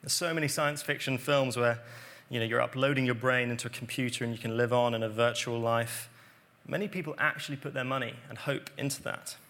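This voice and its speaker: A man preaching a sermon, explaining scripture earnestly and dropping to quiet emphasis on key points. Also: mid-range voice, steady tone, fairly quick.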